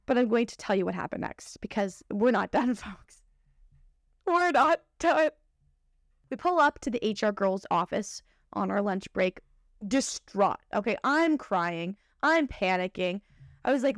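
A young woman hosting a podcast, telling a personal story in an animated, emotional, profane way. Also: mid-range voice, moderate pace, dry recording, clean studio sound. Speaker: podcast host.

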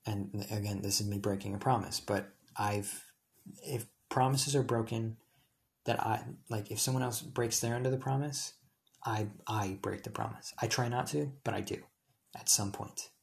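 A young man with a somewhat low voice and a gravelly, vocal-fry edge tells a personal story. He rambles, leans on filler words and keeps correcting himself mid-sentence. It sounds like a casual storytime monologue. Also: fairly even intonation, normal speed. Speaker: high school student telling a personal story.

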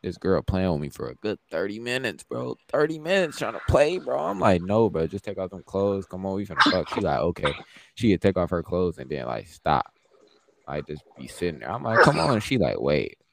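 A young man with a low, vocal-fry voice talks fairly quickly over a noisy background. He co-hosts a podcast, telling stories in casual, profane chat and animatedly acting out the dialogue of the people involved.

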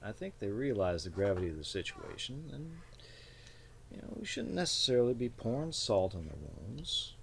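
A man voicing a lanky older gentleman in a bolo tie, folksy and quietly threatening. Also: medium pitch, sing-song, moderate pace, creaky, slight background noise, pitched above the performer's own voice. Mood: amused. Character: lanky male gentleman, folksy but menacing boss.

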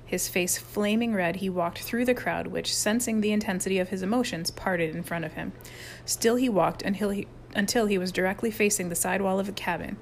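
A woman narrates a children's chapter book aloud. Her reading is expressive and brisk, at an ordinary pitch. Faint ambient noise sits underneath. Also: vocal fry. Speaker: audiobook reader. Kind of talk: storybook narration.

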